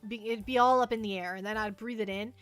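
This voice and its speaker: A woman's voice: mid-range voice, fairly even intonation, quick pace, dry recording, faint music behind. A woman hosting a livestream, chatting casually and rambling as she answers viewer questions, often repeating herself and joking at her own expense. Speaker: livestream host.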